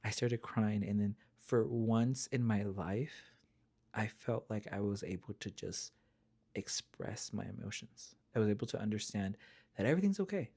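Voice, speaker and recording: A man's voice: lowish voice, animated, normal speed, warm tone. A man co-hosting a casual chat, telling a personal faith story earnestly and dropping to a near-whisper when he quotes. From Spanish-speaking family background. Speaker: podcast co-host.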